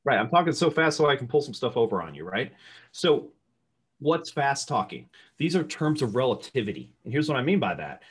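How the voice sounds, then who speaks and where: A middle-aged man with a loud voice, teaching real estate sales to a live audience in an energetic, conversational way and asking the room questions. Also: medium pitch, fairly quick, husky. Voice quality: loud talker.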